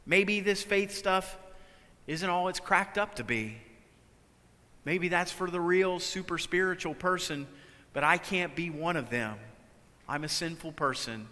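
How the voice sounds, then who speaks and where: High, bright-voiced male preacher in a hall. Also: measured pace. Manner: dynamic preaching, swings from loud to hushed. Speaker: pastor. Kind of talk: sermon.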